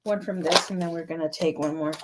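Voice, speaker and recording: A woman's voice: low-pitched, steady tone, fast talker, very noisy. A woman giving a casual live tarot reading, chatty and rambling with fillers. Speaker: tarot reader.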